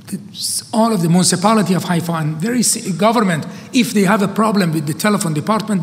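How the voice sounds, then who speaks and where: High-voiced man telling a story. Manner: animated, with halting restarts. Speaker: lecturer. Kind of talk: storytelling lecture. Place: conference hall. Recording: reverberant hall recording, faint noise.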